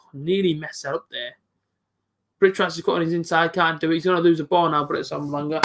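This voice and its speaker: A young man giving live football reaction commentary as a fan streamer, chatty and excitable, talking to his viewers as he goes. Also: high-pitched, brisk.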